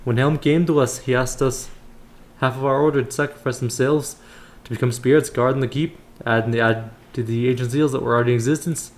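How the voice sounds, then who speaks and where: A man voicing a calm, fatherly older monk elder who calls the listener child, reading in his everyday voice. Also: mid-range voice, a little fast, natural voice. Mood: instructive.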